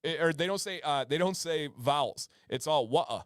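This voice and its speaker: A man's voice: on the high side, moderate pace, clean tone, no echo, clean studio sound. A man co-hosting a livestream in a casual, enthusiastic chat, laughing often. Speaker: livestream co-host.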